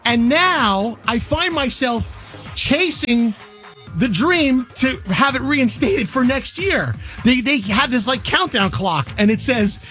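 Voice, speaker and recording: A man with a very high-pitched voice co-hosts a morning radio show. He complains in a rueful, self-mocking way. A faint music bed sits behind him. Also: animated, takes it slowly, bright, forceful tone. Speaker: radio co-host.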